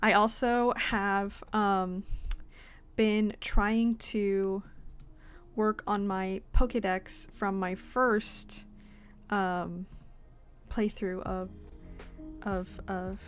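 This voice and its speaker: A woman's voice: medium pitch, steady tone, drawn-out words, long pauses, clear, resonant tone, faint music behind. A sleepy woman streamer chatting casually with her viewers, rambling and giggling between fillers.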